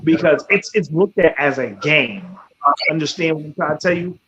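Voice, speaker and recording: Man, radio talk host, casual and blunt, lots of swearing, fairly high voice, slightly muffled audio. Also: expressive, moderate pace. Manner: blunt and profane, peppered with "you know what I'm saying". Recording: slightly muffled, faint background noise.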